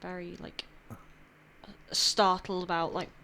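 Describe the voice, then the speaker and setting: A woman's voice: lowish voice, flat delivery, slow, pushed and bright, a little hiss or hum. A young woman playing in a tabletop game, asking questions and talking casually with many fillers. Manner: quizzical, filler-heavy. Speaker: player.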